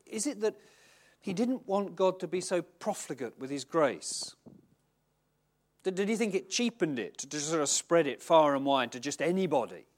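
A middle-aged man preaching a sermon in a conversational, self-mocking, animated way. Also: fairly high pitch, normal speed. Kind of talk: sermon with Bible reading.

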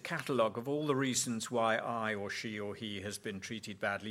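A man delivers a sermon in a bright, forceful voice. He leans hard on key words, drawing them out slowly, and acts out brief quoted exchanges to drive his point home. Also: fairly low pitch, flat delivery. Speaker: preacher.

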